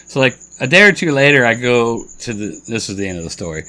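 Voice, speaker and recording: A man's voice: medium pitch, sing-song, fast, pushed and bright. A man co-hosting a podcast, telling a story in a laid-back, profane way and saying "dude" constantly. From Colorado. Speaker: podcast co-host. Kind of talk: casual chat, storytelling.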